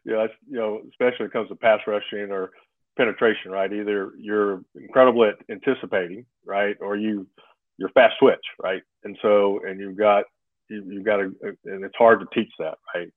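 A man in his fifties speaks over a thin, phone-like remote line with a slightly low voice. He rambles through his points and keeps tagging them with "right?". The sound is close and dead, with no room around it. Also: steady tone, fairly quick, dry recording. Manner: rambling, restarts often, tags thoughts with "right?". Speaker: former college football player, guest. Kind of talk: casual interview talk. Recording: phone-like remote call, dry.

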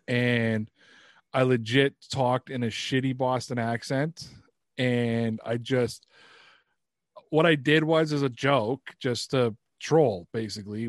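A man's voice: mid-range voice, no room sound, clean studio sound. A man from Canada, a podcast guest, telling stories in a casual, rambling way with frequent swearing. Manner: rambling, swearing, animated storytelling. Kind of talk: casual chat.

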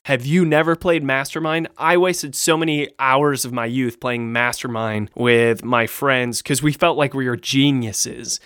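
Man, podcast co-host, casual chat, enthusiastic, smooth voice, dry room. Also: mid-range voice, measured pace, hardly any pauses, dry recording, soft background music. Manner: enthusiastic, animated storyteller.

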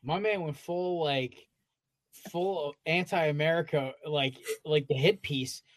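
A man's voice: fairly high pitch, slow, dry recording. A man co-hosting a casual sports podcast, ranting in a fired-up way with heavy swearing. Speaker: podcast co-host.

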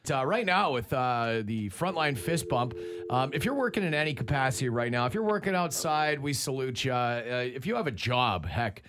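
A man's voice: mid-range voice, lively intonation, a bit bright. A man hosting a morning radio show, joking and rambling in casual banter with his co-hosts. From Canada. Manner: joking, rambling, quick laughs.

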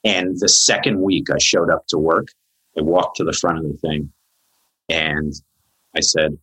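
A man in his forties, a psychologist guest on a podcast, telling a long story in a lively, chatty way with lots of fillers. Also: extremely low pitch, moderate pace, husky, rough recording. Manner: animated storyteller, many "like" fillers.

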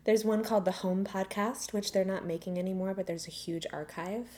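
A young adult woman hosts a podcast, speaking candidly and earnestly in a conversational, personal, reflective way. Her medium-pitched voice is warm and brisk with little pitch movement, and she sounds slightly out of breath.

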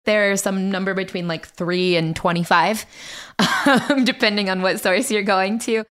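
A woman's voice: medium pitch, steady tone, measured pace, a bit bright. A woman with a Midland American accent, a linguistics professor, explaining casually in an interview. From Central Ohio.

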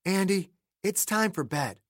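A woman's voice: medium pitch, lively intonation, unhurried, dry recording, studio quality, pitched above the performer's own voice. A man playing a blunt, tough woman pilot. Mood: fed up. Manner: blunt, sharp-tongued.

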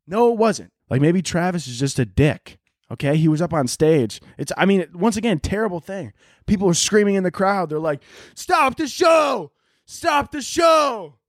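A man's voice: a little high, animated, fairly quick, darkish tone, dry recording, clean studio sound. A young man hosting a podcast, rambling sarcastically through a comedic monologue with frequent swearing. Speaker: podcast host.

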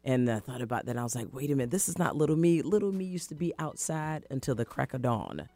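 A woman hosting a motivational radio talk show, talking in an animated, encouraging way and acting out her own past thoughts. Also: rumbling low, fast, dry recording, soft background music. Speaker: radio show host, life coach. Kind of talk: casual motivational radio chat.

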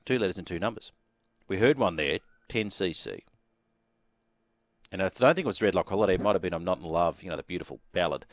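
A man's voice: low-pitched, lively intonation, fast talker, no echo, studio quality. A man with an Australian accent hosting a sports radio quiz and chatting easily with callers in a jovial way. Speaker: radio host.

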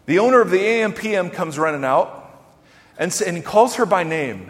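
A male pastor delivers an animated sermon in a fairly high voice, pressing his points with rhetorical questions and sudden emphasis. His voice rings out with a long reverb, as though filling a large church sanctuary. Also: a little fast.

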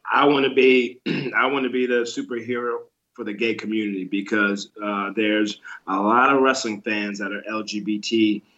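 A man in his thirties, a former wrestler guest chatting casually and acting out stories with lively voices. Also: on the low side, moderate pace, dull audio. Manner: animated storyteller, acts out quotes with voices. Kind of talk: casual interview chat.

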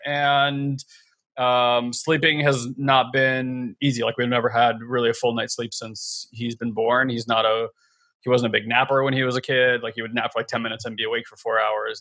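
A man in casual chat, relaxed and reflective, speaking with fillers. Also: mid-range voice.

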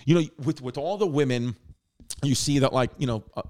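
A man hosting a podcast, telling a story in a rambling, animated way, swearing often and acting out what people said. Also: mid-range voice, a little fast. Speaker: podcast host. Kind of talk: casual storytelling.

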